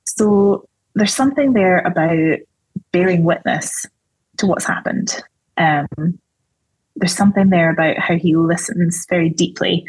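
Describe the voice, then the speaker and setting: A woman speaks with a slightly low, husky voice, unpacking her ideas in a thoughtful, explanatory way. The sound is close and dry, with no room around it. She keeps an easy, conversational podcast tone. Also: dry recording, rough recording. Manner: thoughtful, explanatory, with light laughs. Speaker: theologian guest.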